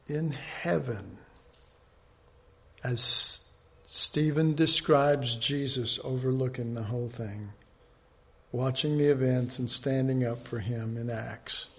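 Slow, rambling man teaching a Bible study. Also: medium pitch. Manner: rambling, conversational, with many restarts and asides.

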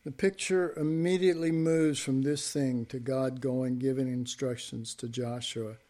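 A man preaching a sermon, swinging from hushed whispers to loud emphasis, with folksy, chuckling asides. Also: mid-range voice, fairly even intonation, measured pace.

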